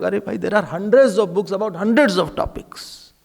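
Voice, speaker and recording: A man's voice: high voice, brisk, gravelly. A man with an Indian English accent giving a sermon as a swami, repeating key phrases for emphasis and slipping Hindi words into his English. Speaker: swami giving a spiritual talk.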